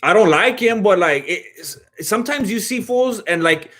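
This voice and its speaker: Brief: easygoing male streamer, slangy and chatty, fairly high voice, laughing as he reads chat. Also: lively intonation, normal speed, a bit bright. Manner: laid-back and slangy, reads chat questions aloud and laughs often. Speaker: fight watch-along streamer. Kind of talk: casual livestream chat.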